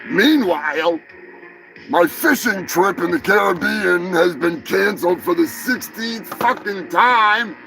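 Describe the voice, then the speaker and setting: Male comedy host, gravelly and high, slow sarcastic rant over music. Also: animated, low-quality recording. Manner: sarcastic, profane, bursts into shouting. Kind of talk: comedic rant on a live show.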